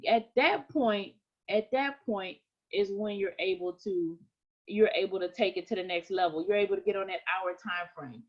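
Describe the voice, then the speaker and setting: A woman's voice: mid-range voice, moderate pace. Repetitive trading coach woman, lo-fi sound. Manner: conversational, repeats points, frequent "right?". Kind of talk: live trading lesson.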